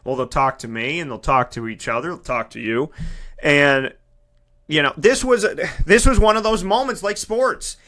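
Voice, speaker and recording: A man hosting a radio show, talking in an animated, emphatic monologue and acting out the voices he quotes. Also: on the high side, moderate pace. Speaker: radio host and broadcaster. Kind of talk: energetic monologue.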